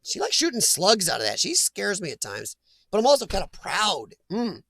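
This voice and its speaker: Guy doing a livestream chat, kinda high gravelly voice, blunt and opinionated, dry close sound. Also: huge pitch swings, normal speed, a bit bright, no room sound. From Midwestern US. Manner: blunt, opinionated, laughs easily. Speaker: livestream host. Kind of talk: casual live chat reading comments.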